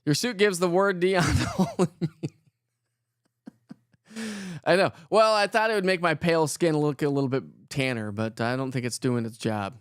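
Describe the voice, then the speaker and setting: A man's voice: on the high side, moderate pace, long pauses, clean tone, no echo, clean studio sound. A man from Colorado hosting a morning weather livestream, chatting casually and greeting viewers by name in an upbeat, joking way. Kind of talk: casual live-stream chat reading viewer comments.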